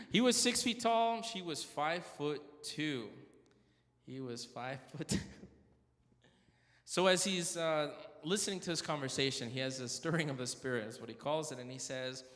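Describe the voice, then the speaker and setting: A man's voice: mid-range voice, moderate pace, a bit bright, big-room sound. A man telling stories at a church prayer meeting, chatty and joking, correcting himself as he goes. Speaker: church speaker. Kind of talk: storytelling talk at a prayer meeting. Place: church hall.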